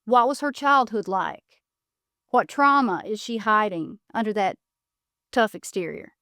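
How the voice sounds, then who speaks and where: A woman's voice: mid-range voice, lively intonation, a little slow, bright, forceful tone, no echo, clean studio sound. A woman hosting a solo advice podcast, speaking directly and emphatically with blunt advice. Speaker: podcast host.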